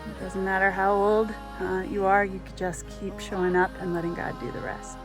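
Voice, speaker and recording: A woman's voice: medium pitch, flat delivery, normal speed. A middle-aged woman narrating a hiking vlog outdoors on a mountain trail, talking in an earnest, heartfelt way. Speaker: hiker vlogger. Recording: loud background music.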